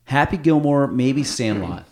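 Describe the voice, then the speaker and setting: A man hosting a podcast from a studio, chatting loosely and retelling stories with lively energy. He jumps into quoted lines and restarts his sentences often. His voice sits at an ordinary middle pitch. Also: unhurried. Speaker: podcast host. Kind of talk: casual chat.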